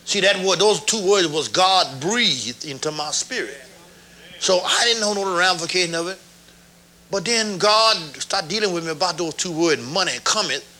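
An older man preaching a sermon, telling folksy stories and swelling loud on key words. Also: high voice, animated, normal speed.

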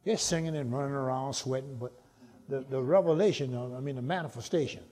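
A man preaching a sermon, calling to the congregation for answers and climbing into shouts. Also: medium pitch, fast talker. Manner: call-and-response preaching, rising to shouts.

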